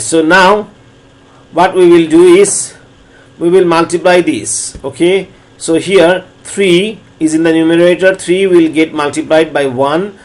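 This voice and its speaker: A man lecturing on differential calculus, walking through each step slowly and repeating phrases as he explains. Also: a little high. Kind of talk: recorded math lecture.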